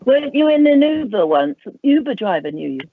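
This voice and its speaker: A woman's voice: high-pitched, sing-song, a little fast, no room sound. A woman hosting an interview, prompting her guest with encouraging questions. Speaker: host, interviewer. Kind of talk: interview conversation. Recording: tinny phone-like line.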